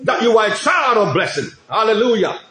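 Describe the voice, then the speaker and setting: A man's voice: high-pitched, big pitch swings, fairly quick, pushed and bright. A middle-aged man preaching a sermon as a pastor, speaking emphatically and repeating phrases, with frequent cries of praise. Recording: echoey room.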